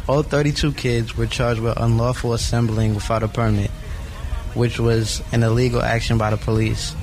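An eighteen-year-old man from Brooklyn, reading an earnest, steady scripted narration as a student reporter. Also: mid-range voice, low-quality recording. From Brooklyn, New York. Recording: music bed under the voice.

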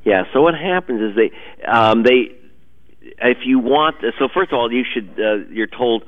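A man's voice: medium pitch, animated, a little slow. A male journalist guest explaining emphatically in a radio interview. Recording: tinny phone line.

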